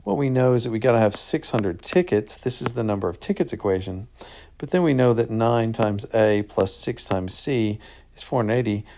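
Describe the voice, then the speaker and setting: A man who is a math teacher, casually talking through an answer key and thinking out loud in an upbeat way. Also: mid-range voice, expressive, normal speed, a little hiss or hum.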